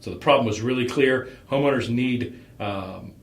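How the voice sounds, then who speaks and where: A man giving a relaxed, rambling critique of a startup pitch as a coach. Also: moderate pace, roomy sound. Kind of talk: conversational critique.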